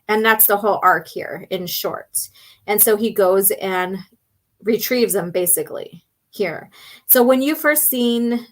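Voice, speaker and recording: A woman hosting a casual chat show. She talks in an unhurried, chatty way, laughs often, and is losing her voice. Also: medium pitch, fairly bright tone. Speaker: host.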